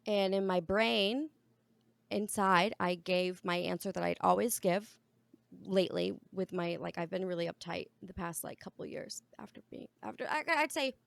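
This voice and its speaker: A woman's voice: lowish voice, moderate pace, vocal fry, dry recording. A young adult woman co-hosting a podcast, chatting casually and frankly and swearing freely. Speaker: podcast co-host. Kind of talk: casual chat.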